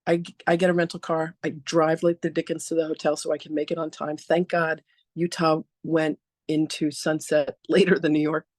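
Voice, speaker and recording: A woman hosting a talk, introducing her guest through a chatty, animated story and often laughing. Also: low voice, moderate pace, no room sound, clean studio sound. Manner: animated, acts out dialogue with "I'm like".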